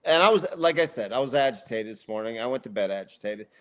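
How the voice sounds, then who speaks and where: A middle-aged man telling a story in casual podcast chat, ranting and swearing a lot in an animated way. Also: mid-range voice, fast talker. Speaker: podcast co-host.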